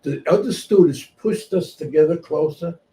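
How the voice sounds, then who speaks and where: A man telling stories casually, profane and animated, moving between shouting and murmuring. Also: on the high side, normal speed. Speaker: guest storyteller. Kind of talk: casual storytelling. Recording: distant mic with faint noise.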